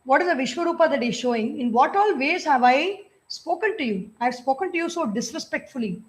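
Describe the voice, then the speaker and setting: Brief: Indian woman, high voice, spiritual teacher, chants verses then explains them plainly. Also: lively intonation, fairly quick. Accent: Indian English. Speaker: spiritual teacher giving a scripture discourse. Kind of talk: scripture discourse with chanted verses.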